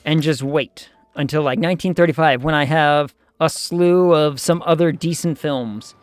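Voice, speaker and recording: A man's voice: a little high, normal speed, clear, resonant tone. Chatty man streaming a game. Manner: chatty, thinks aloud, jokes with chat. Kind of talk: casual game commentary.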